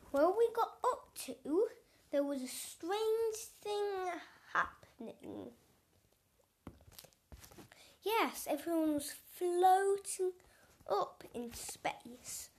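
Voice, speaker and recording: A woman hosting a storytelling corner, reading a children's storybook aloud in a gentle manner with small stumbles. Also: sits high. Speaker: storyteller and show host.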